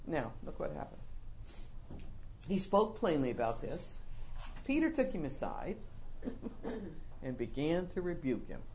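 A woman preaching a sermon tells a story in a voice that swoops lively up and down in pitch, acting out scenes and dramatizing her points to keep the congregation engaged. She speaks slowly with long pauses, and there is slight background noise.

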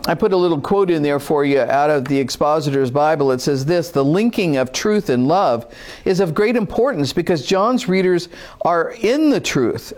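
High-voiced man teaching a Bible lesson. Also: darkish tone. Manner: informal, emphatic, repeats for stress; acts out a whiny skeptic voice at times.

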